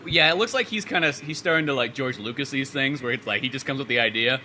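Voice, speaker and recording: A man co-hosting a casual podcast, talking very quickly as he rambles through his opinions, often trailing off and starting again. His voice is bright and crisp at a middling pitch, with a faint background noise under it. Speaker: podcast co-host. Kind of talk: casual movie review chat.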